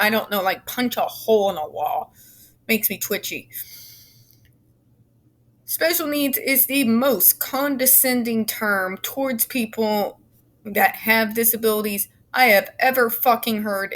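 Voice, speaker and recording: A woman's voice: a little high, a bit bright. A woman reading a report aloud and breaking off into fiery, profane, sarcastic commentary, stumbling over her words now and then. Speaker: YouTube commentator.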